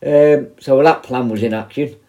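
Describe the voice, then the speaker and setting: A man's voice: mid-range voice, normal speed, dark tone, muffled recording. A man with a casual, rambling way of talking, telling a story about his work as a prison negotiator and often correcting himself. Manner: rambling, self-correcting, acts out quoted voices.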